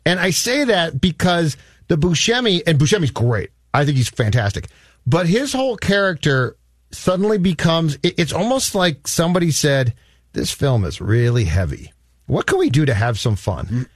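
Male podcast co-host, high-pitched, animated storyteller, casual movie talk. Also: moderate pace, no room sound, clean studio sound.

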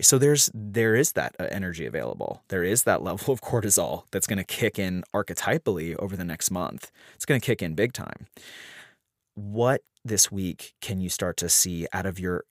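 A man with a very low voice talks loosely on his podcast, restarting sentences and jumping up in pitch when he wants to stress a point. The sound is dry and close, with no room echo. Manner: rambling, many restarts. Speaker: podcast host. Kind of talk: casual astrology talk.

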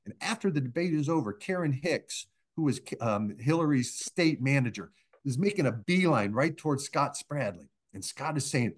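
A middle-aged man, a pollster being interviewed, telling anecdotes in a measured way and acting out the people he quotes. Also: mid-range voice, animated, husky. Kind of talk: anecdotal storytelling in a podcast interview.

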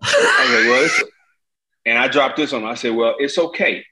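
A man from Gary, Indiana in his fifties, a former baseball pitcher telling stories as a guest and acting out the voices of the people he quotes. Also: brisk, low-quality recording. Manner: animated, acts out quoted voices. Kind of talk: casual storytelling.

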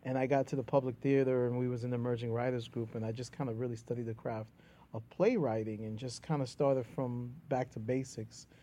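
A middle-aged man with a New York accent, a comedian and playwright chatting as a guest in an animated, storytelling way. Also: medium pitch, brisk. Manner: animated storyteller, drops into quoted voices and laughs. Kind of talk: casual conversation.

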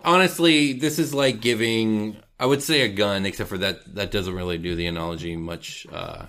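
A man co-hosting a podcast, talking in a casual, animated way and riffing on fantasy ideas, with the odd curse. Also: on the low side, moderate pace. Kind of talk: casual chat.

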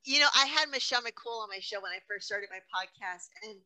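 A woman hosts her own podcast with a bright, ringing tone pitched a little high. She talks in quick, effusive bursts and lets her voice jump up whenever a story excites her. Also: poor audio. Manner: effusive, animated, fast bursts of speech. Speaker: podcast host. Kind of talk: casual interview chat.

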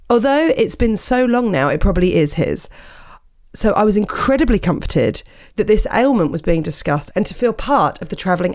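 Woman podcast co-host, gravelly edge, middle pitch, playful email reading, casual chat. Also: darkish tone. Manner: reads emails aloud in a playful, teasing way.

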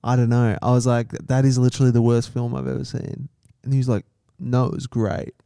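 A man's voice: medium pitch, level tone, brisk, vocal fry, warm tone, smooth, no echo, clean studio sound. An Australian man co-hosting a podcast, telling stories in an easygoing, laughing manner. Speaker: podcast co-host. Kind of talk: casual comedic chat.

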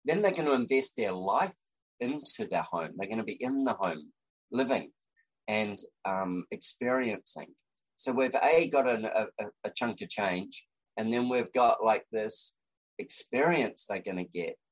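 Low-voiced Australian man telling a story. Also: animated, measured pace, breathy edge, low-quality recording. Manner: rambling, with fillers and restarts. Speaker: guest, designer. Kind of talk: casual storytelling chat.

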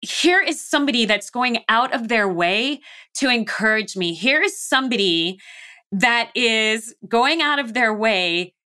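A middle-aged woman from the United States speaks as an interview guest, with a bright, forward tone. She tells her story vividly and slips into the voices of her own thoughts and of the people she quotes. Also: a little high, animated, a little slow, clear, resonant tone. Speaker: guest, mountaineer.

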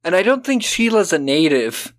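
A man's voice: sits high, sing-song, normal speed. A man co-hosting a podcast, casually and sarcastically recapping a film and acting out lines in silly voices. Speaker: podcast co-host. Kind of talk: casual movie-recap chat.

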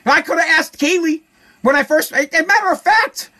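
A man's voice: very high voice, normal speed, pushed and bright. A man hosting a show, delivering a heated, profane opinion rant and repeating phrases for emphasis.

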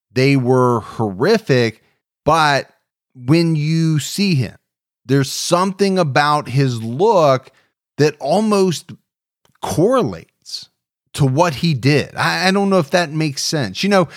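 A man's voice: a little high, no echo, studio quality. A man co-hosting a true crime podcast, chatting animatedly and speeding through some phrases. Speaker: podcast co-host.

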